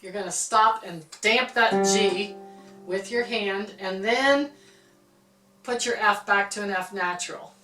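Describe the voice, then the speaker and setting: A woman's voice: mid-range voice, slow, far from the mic. A woman teaching a harp lesson, explaining music terms patiently and often checking in with "okay". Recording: roomy, from off-mic.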